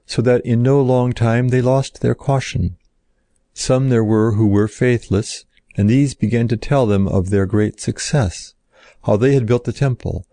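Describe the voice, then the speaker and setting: A man reading an old-fashioned story aloud in a slow, solemn narrating style. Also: lowish voice, gravelly, mellow, dry recording, studio quality.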